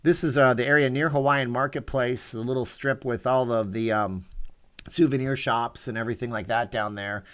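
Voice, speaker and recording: A man's voice: medium pitch, steady tone, moderate pace, fairly bright tone, smooth. A man in his forties hosting a casual livestream. He rambles and reads viewer messages aloud. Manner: rambling, reads chat aloud, chatty asides. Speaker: livestream host.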